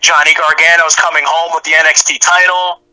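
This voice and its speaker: An excitable man relives a wrestling match as he watches it back with a friend, shouting the calls and admitting his voice is shaking. His voice sits fairly high and rings very bright and forceful. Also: brisk, low-quality recording. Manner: emotional, shouts and cries out while reliving the match. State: voice shaking with emotion. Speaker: guest. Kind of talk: excited watch-along chat.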